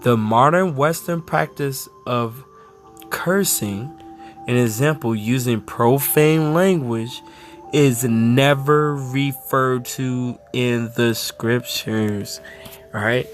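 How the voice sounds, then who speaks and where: A man preaches scripture in slow, stretched-out phrases, full of slang and little checks like asking if you are with him. A faint bed of music runs quietly underneath his voice. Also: medium pitch. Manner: slangy, drawn-out emphatic delivery, frequent asides. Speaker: street preacher. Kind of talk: informal scripture teaching.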